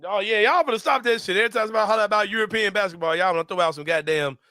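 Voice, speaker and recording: Man, sports show host, high voice, dry close mic. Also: very fast, no room sound. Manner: loud, laughing storyteller, swears freely. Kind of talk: casual sports chat.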